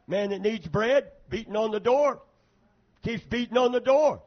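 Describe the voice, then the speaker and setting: A male pastor with a high, slightly husky voice preaches from the pulpit at a measured pace, drawing frequent amens from the congregation. He moves between soft, confiding asides and loud, fervent prayer, and the church recording is dull and lo-fi, like an old sermon tape.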